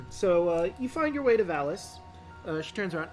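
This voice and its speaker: An easygoing game master narrating a tabletop game in a loose, rambling way, thinking aloud between descriptions. The voice sits at an ordinary middle pitch. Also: big pitch swings, normal speed, a little mellow, faint music behind.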